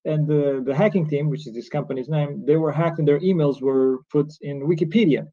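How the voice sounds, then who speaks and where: This cybercrime law lecturer, a Portuguese-accented man from Portugal, speaks a little fast with a slightly high voice and fairly even intonation. His conference talk is earnest and explanatory, and the recording is dull and lo-fi.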